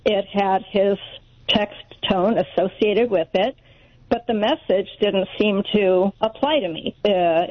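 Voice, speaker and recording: A woman calling in to a radio show, polite and hesitant, with frequent fillers as she explains her question. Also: medium pitch. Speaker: radio caller. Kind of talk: phone-in question. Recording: dull phone-in audio.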